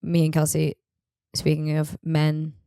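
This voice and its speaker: A woman's voice: sits low, completely flat delivery, measured pace, dark tone, clean tone, no room sound, studio quality. A woman hosting a podcast, telling rambling comic stories in a blunt, profane, casual way. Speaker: podcast host. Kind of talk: casual comedic monologue.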